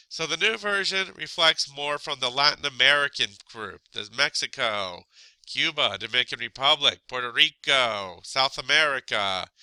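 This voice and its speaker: A man's voice: medium pitch, sharp tone, clear, resonant tone, dry recording, low-quality recording. A man with a stuffy nose teaching a casual recorded lesson, chatty and full of asides and little laughs.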